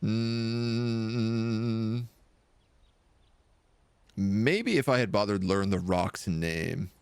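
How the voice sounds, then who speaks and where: A man's voice: lowish voice, drawn-out words, a little mellow, smooth, no room sound. A man streaming a video game, chatting casually and reading the game's text aloud.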